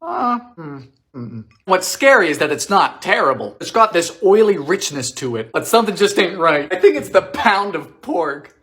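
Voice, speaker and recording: A man cooks in his home kitchen and quips his way through the recipe, dry and sarcastic one moment and yelling the next ingredient the next. His pitch swings all over, and the room rings with a bright, echoey bounce. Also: normal speed. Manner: sarcastic, deadpan one-liners with sudden shouted ingredient calls. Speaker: host of a cooking video. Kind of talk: comedic vintage-recipe cooking vlog.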